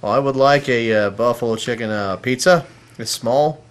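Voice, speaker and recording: A man playing a clumsy fake-Australian pizza caller, halting and overly polite, with many uhs. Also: mid-range voice, close to an everyday voice.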